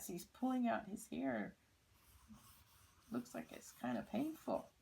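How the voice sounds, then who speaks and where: An older woman reading a picture book aloud to children, pausing to point out the pictures. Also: fairly high pitch, very animated, vocal fry, darkish tone, a little hiss or hum, poor audio. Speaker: storyteller.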